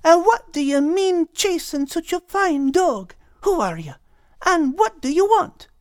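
A man voicing a fiery, strong-willed female terrier in an audiobook, scolding in sharp questions. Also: extremely high pitch, very animated, measured pace, dry recording, studio quality, pitched above the performer's own voice, heavily acted.

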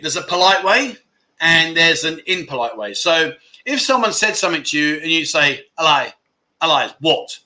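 A man's voice: a little high, pushed and bright. A man hosting a casual live stream, reading viewer comments aloud in a jokey, scattered way and laughing at his own slip-ups. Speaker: livestream host.

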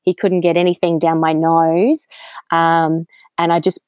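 A woman's voice: deep voice, level tone, a little slow, a little mellow, no room sound. A woman with an Australian accent, telling her story candidly as an interview guest, with frequent ums. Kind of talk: conversational interview.

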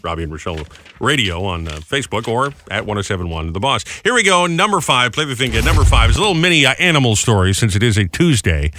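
Fast, bright-voiced radio host man. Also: mid-range voice, big pitch swings. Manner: upbeat, chatty, jokey. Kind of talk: morning radio chat.

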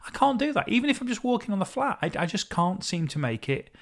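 A man's voice: sits high, sing-song, fast, gravelly. Rambling, chatty man. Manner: rambling, self-correcting, chatty. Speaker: podcast host. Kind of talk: casual solo podcast monologue.

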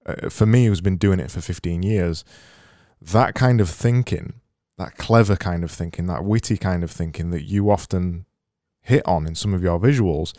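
A man with a very low, dark and mellow voice talks in a relaxed interview. He is enthusiastic and thinks aloud, often restarting his phrases. The sound is close and dry. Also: no room sound. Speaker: podcast host and designer. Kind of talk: casual conversational interview.

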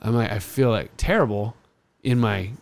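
A man in his thirties telling a long story on a casual podcast, acting out the other people's lines loudly. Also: on the low side, moderate pace, vocal fry. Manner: animated storyteller, acts out quotes loudly. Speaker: podcast host.

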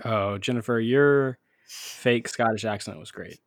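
A man's voice: fairly low pitch, unhurried, dry recording, studio quality. A man hosting a casual movie podcast, laid-back and jokey, swearing freely. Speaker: podcast host. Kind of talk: casual chat.

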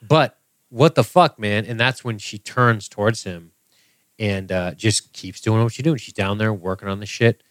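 A man with a fairly low voice in casual podcast talk, blunt and wry with plenty of swearing. The sound is dry and close, with no room echo. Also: moderate pace, a bit bright. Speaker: podcast co-host. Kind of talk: casual chat.

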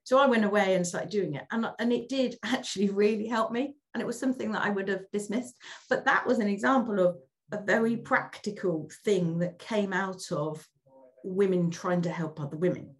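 A woman's voice: mid-range voice, normal speed. A middle-aged woman speaking as an interview guest. She talks candidly and reflectively, often repeating words as she starts a thought.

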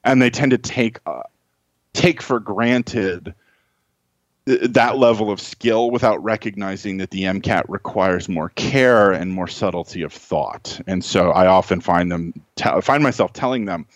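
A man's voice: low-pitched, measured pace, dry recording. Man explaining with frequent "right?". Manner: conversational, many restarts and "right?" tags. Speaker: guest MCAT tutor. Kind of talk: explanatory podcast talk.

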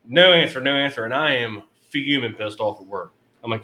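A man co-hosting a casual podcast, telling a hunting story in an animated, profane way. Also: mid-range voice, fairly quick. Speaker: podcast co-host.

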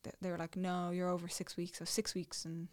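A young woman with an Irish accent, casually telling a personal story, dropping to a hush and then getting excited. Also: on the low side, fairly quick. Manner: animated, swings between hushed and excited. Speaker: new mother telling her story.

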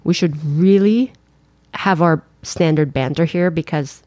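A woman's voice: low-pitched, a little slow, a little mellow, no echo. A woman co-hosting a podcast, chatting casually in a bubbly, jokey way. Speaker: podcast co-host. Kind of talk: casual chat.

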